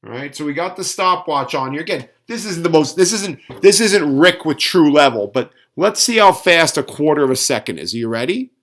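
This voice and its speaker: A man's voice: a little high, expressive, fairly quick, few pauses, fairly bright tone. A middle-aged man ranting sarcastically in a casual home cooking vlog. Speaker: fitness vlogger. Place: home kitchen.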